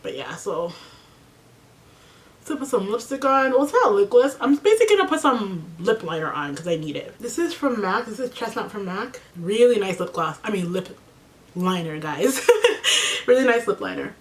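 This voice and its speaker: A woman's voice: medium pitch, big pitch swings, moderate pace. Young woman, teary, chatting while she does her makeup at home, lots of "like" and "you know". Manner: emotional, heavy use of "like" and "you know". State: tearful after crying. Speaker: beauty vlogger. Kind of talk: casual get-ready-with-me chat.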